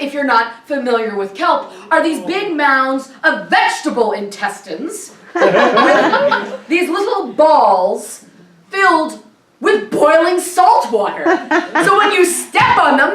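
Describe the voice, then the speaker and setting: A high-voiced woman performs a comic story on stage, her pitch leaping all over as she voices everyone in it and laughs along. The echoey room and the mic some way off leave faint ambience behind her. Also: takes it slowly, distant mic. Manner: animated, laughing often, voices the people and creatures in her story. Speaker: comedic storyteller. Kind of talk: solo storytelling show. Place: live performance venue.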